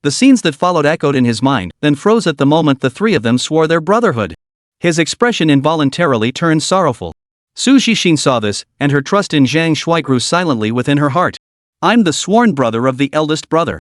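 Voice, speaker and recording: A man reading a story recap as scripted narration, with dramatic storytelling. His voice sits a little high and rises and falls a great deal. The sound is close and dry. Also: very animated, fairly quick, no echo.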